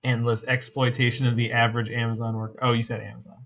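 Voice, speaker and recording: A man's voice: medium pitch, level tone, fast, vocal fry, fairly bright tone, lo-fi sound. A man from Canada, giving casual, joking commentary as a streamer while he plays and answers chat.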